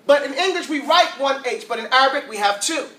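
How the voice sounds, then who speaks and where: High, bright man teaching a class. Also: quick pace. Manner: lively, asks the class questions, drills sounds aloud. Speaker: Arabic teacher. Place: classroom with a group of students. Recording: roomy classroom, mic far off.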